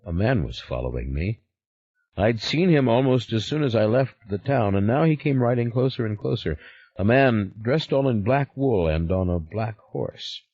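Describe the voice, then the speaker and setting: A man's voice: on the low side, expressive, moderate pace, darkish tone, muffled recording. A man narrating a thriller audiobook in the first person, with a grave, brooding reading.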